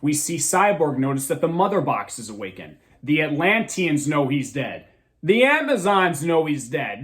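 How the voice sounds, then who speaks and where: A young man hosting his own movie review show, gushing and complaining in one long excited ramble. His voice sits high and swings widely up and down as he trips over his words and starts sentences over. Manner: excited, rambling, restarts a lot. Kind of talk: casual movie review monologue.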